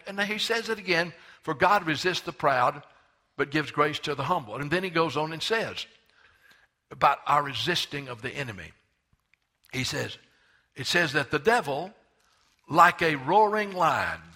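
Pastor, man, 70s; fairly high, forceful, emphatic sermon delivery. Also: breathy edge. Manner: emphatic preaching, slows and stresses scripture readings.

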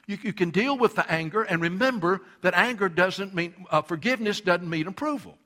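A man's voice: high voice, lively intonation, brisk, pushed and bright. A male pastor preaching a sermon, emphatic and repetitive, acting out quoted voices.

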